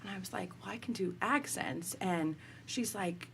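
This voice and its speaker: A young woman guest on an interview podcast, telling stories in a lively, chatty way and laughing often. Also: mid-range voice, normal speed, vocal fry, slight background noise. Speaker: guest, company founder. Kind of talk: casual storytelling interview.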